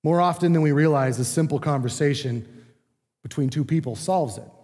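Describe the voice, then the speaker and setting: A man's voice: mid-range voice, a little mellow. A man preaching a sermon in a conversational teaching manner, acting out what people say. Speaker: pastor. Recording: long reverb of a large room.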